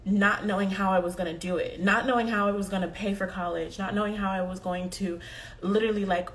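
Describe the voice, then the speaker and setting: A woman's voice: mid-range voice, fairly even intonation, brisk. A young woman giving a heartfelt motivational talk to her viewers, earnest and often repeating herself as she speaks. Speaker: vlogger.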